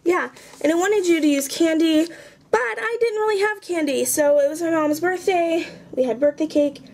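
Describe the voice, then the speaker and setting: Chatty high-voiced young woman. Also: moderate pace, darkish tone, slight background noise. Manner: chatty, rambling, self-mocking. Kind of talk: casual show-and-tell vlog.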